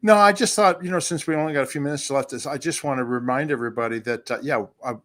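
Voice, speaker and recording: A man hosting a casual discussion, asking questions and retelling conversations with animated quoting. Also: mid-range voice, fast. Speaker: host. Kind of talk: casual chat.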